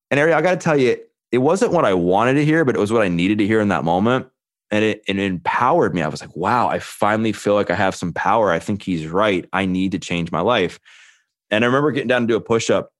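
A man's voice: on the low side, fast talker, no echo, studio quality. A man in his thirties, a podcast guest, telling his own story earnestly and quoting the people in it. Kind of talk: candid storytelling.

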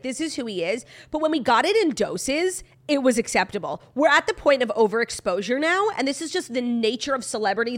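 Woman, podcast co-host, casual gossip chat, fairly high-pitched, animated, opinionated, lots of "like". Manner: opinionated, animated, heavy use of "like".

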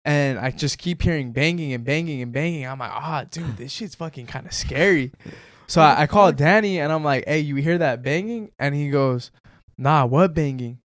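A young man with a fairly high voice tells a story in an animated way, swearing freely. The sound is dry and close, with no room echo. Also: normal speed. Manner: animated storytelling full of profanity. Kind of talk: casual chat.

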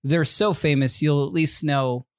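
A man's voice: a little high, measured pace, smooth, no echo, studio quality. A man hosting a podcast, playfully teasing his co-host while running a movie quote game. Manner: playful, teasing, rambling with fillers. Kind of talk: casual chat, running a quiz game.

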